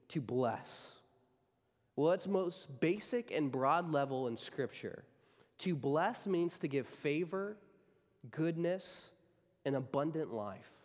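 A male pastor delivering a sermon with a somewhat high voice. He speaks emphatically and hammers points home through repetition. His voice rings out with a long hall reverb. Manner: emphatic, repeats key phrases for stress.

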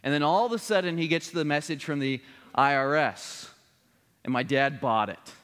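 A man's voice: on the high side, moderate pace, fairly bright tone. A man preaching a sermon, telling a family story in an earnest way before a solemn appeal. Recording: long reverb of a large hall.

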